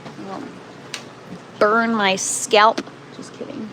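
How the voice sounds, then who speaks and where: A woman's voice: medium pitch, flat delivery, slow pace, pushed and bright, slight background noise, poor audio. A Canadian woman casually hosting a gardening livestream from an indoor grow tent, chatting and answering viewer comments. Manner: chatty, self-deprecating, reads out viewer comments.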